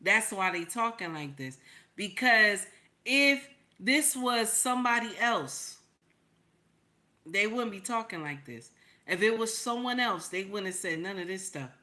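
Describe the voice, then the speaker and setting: Bright-voiced emphatic woman host. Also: mid-range voice, animated, unhurried. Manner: emphatic, repeats points, greets chat by name. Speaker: channel host. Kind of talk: casual commentary livestream.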